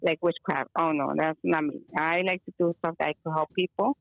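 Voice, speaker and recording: Woman, gravelly, chatty rambling storyteller, lots of fillers, dull lo-fi call audio. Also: low voice, fairly even intonation, a little fast, no room sound. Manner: rambling, filler-heavy, mixes in Spanish phrases. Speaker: guest caller. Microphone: phone or video call.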